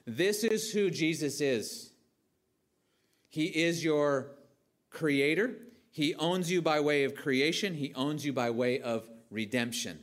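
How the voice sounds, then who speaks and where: A man's voice: fairly high pitch, slow. Emphatic man preaching a sermon. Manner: emphatic, asks the audience questions and answers them.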